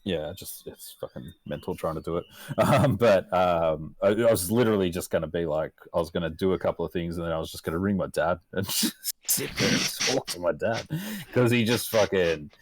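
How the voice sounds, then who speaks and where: Brief: young aussie bloke, very low voice, dry close sound, rambling sweary storyteller. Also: male voice, fairly quick, dry recording. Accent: Australian. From Australia. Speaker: podcast guest. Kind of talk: casual podcast chat.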